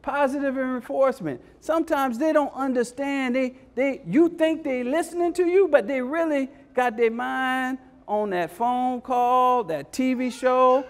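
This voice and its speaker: Very high-voiced man rallying parents. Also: a little slow, hardly any pauses. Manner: call-and-response, repeats phrases, keeps asking "Hello?". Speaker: education speaker leading a parent workshop. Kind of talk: energetic motivational workshop talk.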